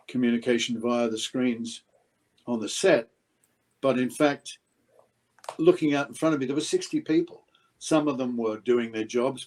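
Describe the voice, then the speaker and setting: Older male actor, lively raconteur who acts out quotes loudly. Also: mid-range voice, poor audio. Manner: animated, acts out quotes with sudden loud outbursts. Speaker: actor guest. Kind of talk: anecdotal interview storytelling.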